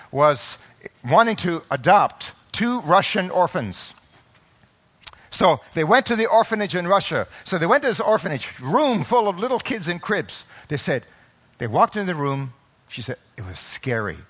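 Impassioned high-voiced man preaching. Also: sing-song, measured pace. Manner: swings from quiet explaining to loud impassioned crying out; acts out quoted voices of children and parents. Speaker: pastor. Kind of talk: sermon.

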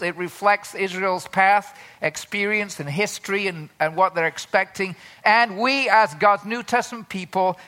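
A man preaches a sermon in a high, bright voice. His delivery is slow and deliberate, and he repeats phrases for emphasis. Now and then he rises into loud, dramatic cries as he voices a prayer. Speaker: pastor.

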